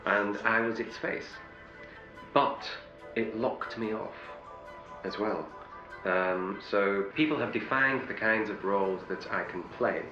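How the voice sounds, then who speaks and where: A man's voice: on the low side, slow pace, echoey room, lo-fi sound, over music. A middle-aged male actor telling wry anecdotes in an interview, often restarting his sentences. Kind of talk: interview storytelling.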